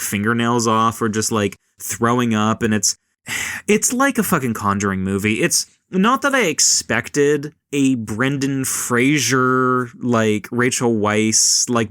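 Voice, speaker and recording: A man's voice: medium pitch, fairly bright tone, dry recording, clean studio sound. A man hosting a podcast, casually recapping a horror film in a loose, profane, rambling way and briefly acting out the characters. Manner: rambling, acts out characters in quick bits. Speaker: podcast host.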